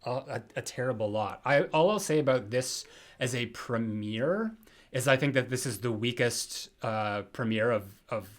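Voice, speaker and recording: A man hosting a podcast in casual chat, relaxed and hedging, often repeating words. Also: medium pitch, moderate pace. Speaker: podcast host.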